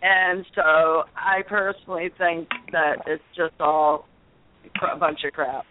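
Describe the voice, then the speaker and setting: A woman's voice: sits low, fairly even intonation, measured pace, phone-quality sound, a little hiss or hum. A woman calling in to a radio show, blunt and frank. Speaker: caller. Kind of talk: casual call-in radio chat.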